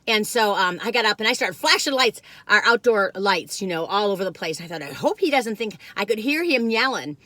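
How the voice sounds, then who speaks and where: A woman's voice: fairly low pitch, sharp tone, no room sound. An older woman, telling rambling folksy stories while reviewing food in a casual vlog. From Western North Carolina. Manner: rambling, folksy, many fillers and restarts. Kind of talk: casual chatty storytelling.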